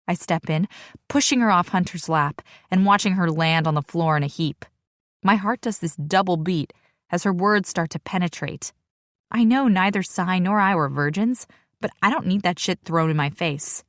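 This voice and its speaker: A woman narrating a first-person romance audiobook with a sassy, expressive delivery. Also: fairly low pitch, normal speed, dry recording, clean studio sound.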